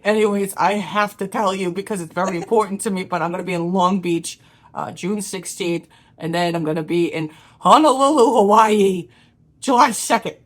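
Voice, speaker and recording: A woman's voice: medium pitch, moderate pace. A woman who feels sick, chatting in a rambling casual message to her fans. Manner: rambling, laughing. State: sick, stuffy. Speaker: podcast host.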